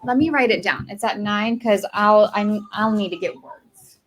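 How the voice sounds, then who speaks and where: A young adult woman with a mid-range voice, telling anecdotes in casual chat. She tells them in an animated way and acts out the voices of people in her stories. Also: medium pitch, moderate pace. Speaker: stream participant.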